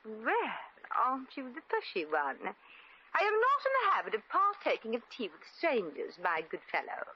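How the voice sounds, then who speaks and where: A woman's voice: fairly high pitch, wildly swooping pitch, normal speed, slight background noise. An actress voicing a brassy American showgirl who puts on fake upper-class airs and keeps slipping, in 1950s radio comedy acting on a muffled old broadcast. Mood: coy. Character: brassy American showgirl posing as a posh lady.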